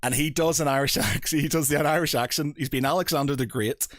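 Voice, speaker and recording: A man's voice: fairly high pitch, quick pace, dry recording, clean studio sound. A man, hosting a casual podcast chat, rambling with many fillers and frequent laughs. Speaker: podcast host.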